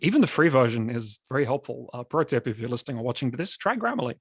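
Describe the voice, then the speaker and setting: A man hosts a casual writers' podcast. He talks in an upbeat, joking way at an average pitch. The recording is close and dry. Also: very fast, breathy edge, no echo. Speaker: podcast host.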